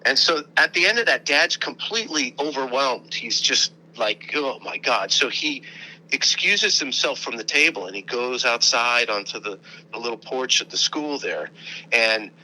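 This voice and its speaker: Guy with a really bright, edgy voice, chatty storyteller, laughs a lot, radio show sound. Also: mid-range voice, normal speed, poor audio. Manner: animated, laughs often, acts out quoted voices. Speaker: interview guest. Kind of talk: casual storytelling.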